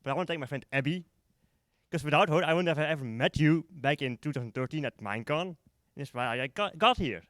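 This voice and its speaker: A man's voice: a little high, lively intonation, fast talker, a bit bright, no echo, studio quality. A man at a live event giving a short, heartfelt thank-you speech to his friends. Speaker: event participant.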